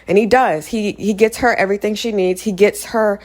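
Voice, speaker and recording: A woman recapping a movie in a casual, animated rant, exasperated and sarcastic, acting out the characters' lines in quick asides. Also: medium pitch. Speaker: movie commentator.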